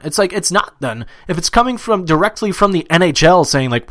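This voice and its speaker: A young podcast co-host chats casually about sports, animated and swearing freely, with plenty of fillers. His voice is a little high and he talks fast.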